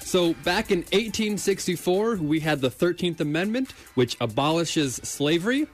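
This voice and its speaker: A man's voice: sits high, animated, moderate pace, soft background music. A man in his thirties co-hosting a talk show, chatting casually. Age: 30s. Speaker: radio co-host.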